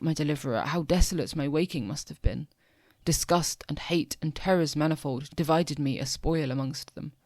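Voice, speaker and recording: A young man at home reading narrative poetry aloud as an amateur audiobook, in a measured, dramatic way. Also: a little high, a little mellow, no room sound. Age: young adult. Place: home room.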